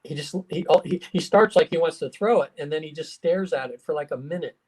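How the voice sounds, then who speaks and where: A man, a hypnotherapist and guest, telling stories in a casual, animated way, acting out quotes with plenty of fillers. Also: fairly high pitch, fairly quick, slightly rough. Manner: animated storyteller, acts out quotes, many fillers. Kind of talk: casual storytelling interview.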